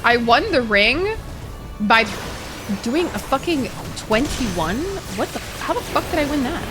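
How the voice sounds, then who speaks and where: A woman's voice: high voice, unhurried, music in the background. Chatty, swearing young woman streamer. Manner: swears freely, chatty, excitable reactions. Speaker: game streamer. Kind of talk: casual live-stream chat.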